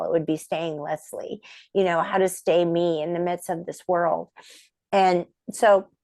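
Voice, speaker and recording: A middle-aged woman, a puppeteer and voice actress, telling stories as an interview guest and acting out the voices of the people she quotes. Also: no room sound. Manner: animated, acts out quoted voices with big pitch jumps. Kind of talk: storytelling in a podcast interview.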